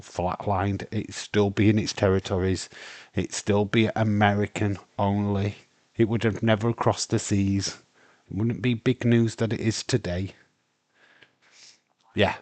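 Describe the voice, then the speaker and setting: A man's voice: lowish voice, steady tone, moderate pace, a little mellow, no echo. A British man from the UK talking casually and bluntly as the host of a live watch-along stream, rambling with many fillers and some swearing. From United Kingdom.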